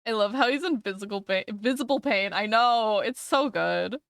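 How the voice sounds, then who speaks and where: A woman's voice: mid-range voice, normal speed, vocal fry, fairly bright tone, smooth, no room sound, studio quality. A young woman streamer chatting casually with her live audience, giggling often and swearing freely.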